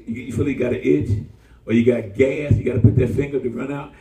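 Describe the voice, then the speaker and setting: A man preaching a sermon to a church congregation, calling for responses and mixing humor with warnings. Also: a little fast. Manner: call-and-response preaching, jumps to high excited pitch. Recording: roomy church from far off.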